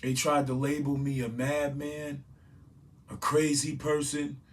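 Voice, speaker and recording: A man's voice: fairly high pitch, flat delivery, unhurried, far from the mic. A man giving raw, urgent, grieving testimony about his brother's death. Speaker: victim's brother facing charges. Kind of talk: emotional personal testimony.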